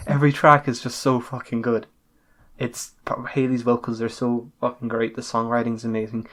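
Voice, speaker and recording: A man's voice: mid-range voice, level tone, normal speed. A man co-hosting a casual podcast chat, gushing and swearing freely. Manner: enthusiastic, swears a lot. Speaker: podcast co-host.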